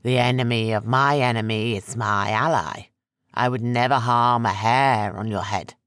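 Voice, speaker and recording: A man voicing an ancient, menacing sorcerer with slow, heavy, rasping speech for an audiobook. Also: medium pitch, fairly bright tone, no echo, clean studio sound, natural voice.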